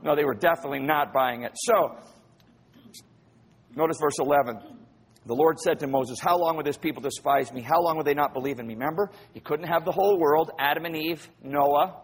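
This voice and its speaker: A man preaching a sermon in a church, animated and acting out the voices of people in the story. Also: a little high, fairly quick, husky. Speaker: pastor.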